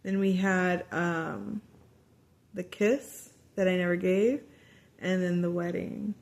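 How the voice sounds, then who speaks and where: A woman giving a casual spoken tarot reading to her viewers, chatty and animated, often quoting lines of dialogue and trailing off into fillers and restarts. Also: fairly low pitch, slow, creaky. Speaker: tarot reader.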